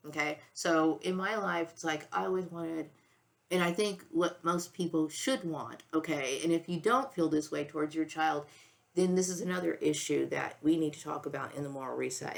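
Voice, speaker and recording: A woman's voice: low-pitched, vocal fry. A woman in her sixties speaking in an emotional, rambling personal monologue, near tears, with many restarts and frequent "okay?" and "you know.". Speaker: vlogger.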